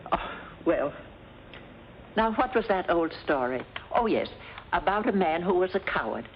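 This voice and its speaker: Dotty older lady, rambling, dreamy, lowish lively voice, lo-fi 1950s sound. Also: unhurried, a little hiss or hum. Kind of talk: 1950s sitcom acting. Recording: dull lo-fi 1950s TV audio.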